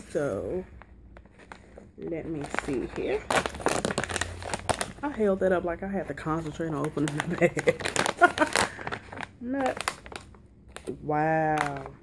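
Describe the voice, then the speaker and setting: A woman vlogger chatting casually through a snack taste test, talking excitedly and calling her viewers y'all. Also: low-pitched, drawn-out words, long pauses, very noisy.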